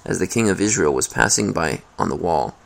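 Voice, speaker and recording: A man with a very low voice reads scripture aloud. His delivery is steady and measured, and his voice has a gravelly edge. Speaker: scripture reader. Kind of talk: scripted Bible reading.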